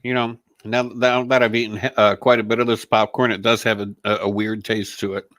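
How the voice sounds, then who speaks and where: A man's voice: on the low side, level tone, fairly quick, fairly bright tone, no echo. A man chatting as a guest on a casual show, blunt and freely swearing. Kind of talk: casual chat.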